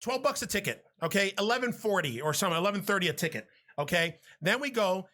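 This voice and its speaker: A man's voice: high voice, animated, fast talker, sharp tone. A man co-hosting a podcast, chatting casually in a rambling, joking way with plenty of profanity. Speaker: podcast co-host. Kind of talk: casual chat. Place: home podcast setup.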